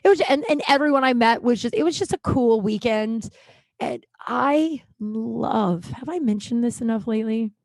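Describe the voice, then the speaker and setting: A woman's voice: a little high, moderate pace, dry recording. A woman hosting her own podcast, telling a rambling story in casual chat, swearing freely and restarting her sentences often. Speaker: podcast host.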